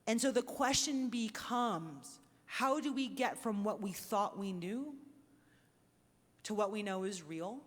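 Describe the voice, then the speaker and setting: A woman's voice: mid-range voice, slow. A woman closing a live panel talk with a story, earnest and building to rising questions. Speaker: panel moderator closing a synagogue conversation. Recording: reverberant hall recording.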